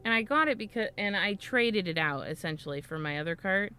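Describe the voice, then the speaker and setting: A woman's voice: medium pitch, expressive, fairly quick, pushed and bright, clear, resonant tone. A young woman co-hosting a podcast, telling a rambling story in casual chat, swearing freely and laughing often. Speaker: podcast co-host.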